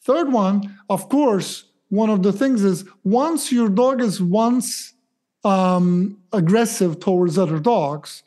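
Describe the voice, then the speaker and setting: Mellow-voiced dog trainer explaining. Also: mid-range voice, slow. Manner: explains with acted-out examples and quoted thoughts. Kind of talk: podcast chat explaining dog behavior.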